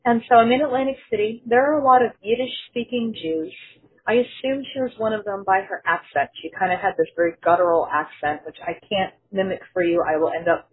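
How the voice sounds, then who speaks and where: A woman's voice: medium pitch, brisk. A woman sharing a personal testimony in an earnest storytelling manner, quoting others in her own voice. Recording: phone-like narrow sound.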